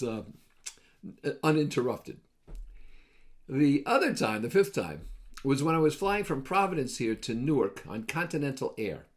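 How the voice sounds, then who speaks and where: A man hosting a short advice video, telling casual anecdotes with wry, joking asides. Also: medium pitch. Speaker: host of a daily advice video series.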